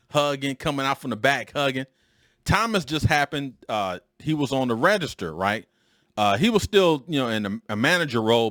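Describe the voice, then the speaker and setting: A man in his forties hosting a podcast, telling a personal story in an animated, emphatic way. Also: medium pitch, no room sound, studio quality. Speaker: podcast host. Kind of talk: storytelling monologue.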